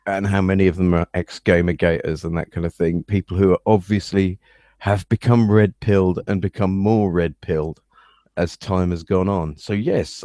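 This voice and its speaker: Low-voiced Englishman, hesitant and measured. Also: darkish tone, no room sound, studio quality. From England. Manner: measured and hesitant, with frequent ums. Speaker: podcast host. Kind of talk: casual podcast chat.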